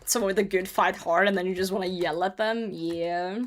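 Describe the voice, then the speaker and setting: A woman's voice: on the low side, steady tone, fairly quick. A woman streaming a game, chatting casually with her chat, teasing viewers, laughing often and swearing freely. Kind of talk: casual livestream chat while gaming.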